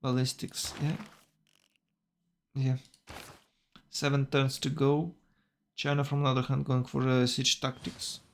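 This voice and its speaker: A man's voice: medium pitch, monotone, measured pace, long pauses, a little hiss or hum. A man commentating a strategy game tournament, thinking aloud with hesitations and self-corrections.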